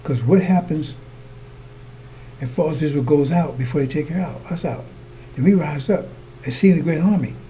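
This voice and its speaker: A man's voice: on the high side, normal speed, long pauses, dark tone, a little hiss or hum. A man preaching a sermon, talking in circles and checking with his brothers and sisters that they follow. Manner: repetitive, asks listeners to follow along; addresses congregation as brothers and sisters.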